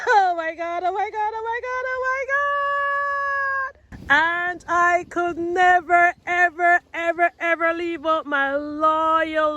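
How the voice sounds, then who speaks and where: A woman's voice: high-pitched, fairly bright tone, no room sound, low-quality recording. A woman hosting a gardening vlog outdoors, chatting casually with her viewers and calling them guys and y'all. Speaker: gardening channel host.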